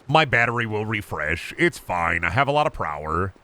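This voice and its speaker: Young man, game streamer, casual commentary, swears a lot, very animated pitch, bright tone. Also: normal speed, faint music behind. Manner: excitable, swears a lot, talks to himself and chat.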